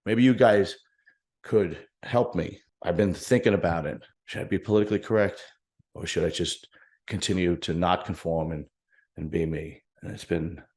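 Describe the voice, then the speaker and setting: Male host, low voice, candid rambling solo monologue to viewers, thinks aloud and restarts. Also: steady tone, moderate pace, a little mellow. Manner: candid, rambling, self-reflective with frequent restarts. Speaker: bodybuilding show host. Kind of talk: casual solo talk to viewers.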